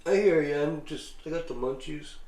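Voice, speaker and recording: A man's voice: on the high side, moderate pace, darkish tone, a little hiss or hum. A man in casual chat, making blunt, profane, muttered remarks as the vlog host. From Canada. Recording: echoey room.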